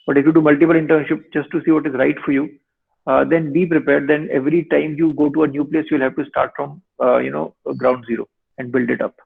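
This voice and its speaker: A male lawyer in his thirties, giving measured advice in a webinar over a video call. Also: fairly high pitch, little pitch movement, gravelly, breathy edge. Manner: measured, advisory. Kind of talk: webinar answer. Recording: tinny online call audio.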